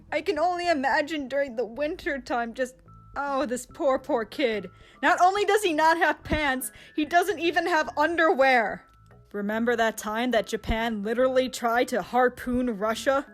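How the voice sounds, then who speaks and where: High-pitched young woman, excitable and sarcastic, for comedic commentary over faint music. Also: moderate pace. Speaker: video creator. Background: faint background music.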